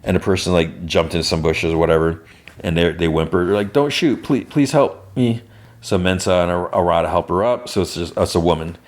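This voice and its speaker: A man hosting a podcast, casually recapping a TV episode in a rambling way, with frequent restarts and quick quoted lines from the characters. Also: sits low, little pitch movement. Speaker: podcast host.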